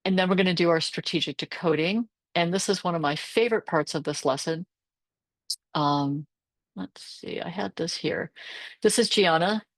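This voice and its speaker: A woman's voice: lowish voice, normal speed, no room sound. A woman reading tutor presenting a teacher workshop over a video call, explaining her lessons and modelling phonics sounds aloud.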